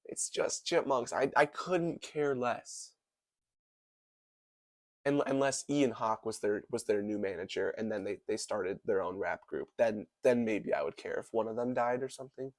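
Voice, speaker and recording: A man's voice: on the low side, normal speed, no room sound, studio quality. A young man giving casual, comedic movie commentary, rambling and hyperbolic, full of "like" and "dude". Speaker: movie reviewer.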